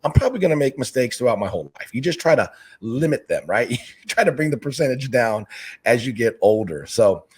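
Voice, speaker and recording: A husky-voiced middle-aged man talks in a relaxed interview. He is energetic and chatty and slips into quick voices to act out conversations. His pitch sits in an ordinary middle range. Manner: energetic, talkative, acts out quoted exchanges. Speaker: fish-keeping YouTuber and basketball coach, interview guest. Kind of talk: casual interview chat.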